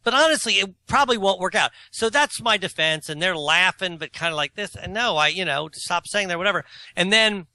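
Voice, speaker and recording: A man in his forties tells a long, self-mocking story in a casual podcast chat. His voice sits high and very bright, and his pitch swings widely. The sound is dry and close. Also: expressive, fairly quick, no echo. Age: 40s. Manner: rambling storyteller, self-mocking, laughs at himself; opinionated and argumentative. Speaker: co-host.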